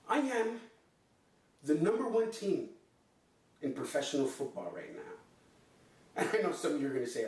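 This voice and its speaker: Man, comedic rant, theatrical, pitch swinging wildly, very echoey room, far off mic. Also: big pitch swings, moderate pace, pauses often, a little mellow. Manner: impassioned and theatrical, swinging between low growls and high outbursts. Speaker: podcast host.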